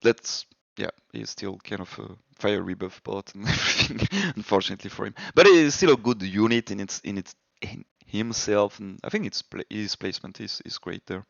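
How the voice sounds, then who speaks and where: A man's voice: on the low side, moderate pace, vocal fry, hardly any pauses, fairly bright tone, no room sound, dull audio. A man hosting a casual gaming podcast, talking in a hesitant way with repeated words. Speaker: podcast host.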